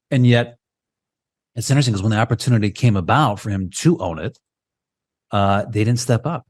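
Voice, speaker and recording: A man with a lowish voice talks through a video call in a loose, animated podcast chat. He keeps tagging his points with a quick "right?" and rolls from one idea to the next. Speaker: podcast co-host. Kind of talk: casual chat.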